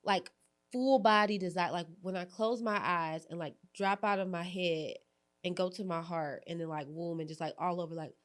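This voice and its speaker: A young adult woman hosting a candid podcast conversation, telling animated stories, acting out quoted lines and laughing often. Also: on the low side, moderate pace. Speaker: podcast host.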